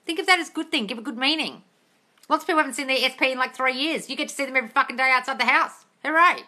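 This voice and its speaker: A woman's voice: high-pitched, very fast, bright, forceful tone. A woman hosting a casual livestream Q&A as a manifesting coach. She answers viewer comments bluntly, swears freely and calls her listeners darling. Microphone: phone livestream.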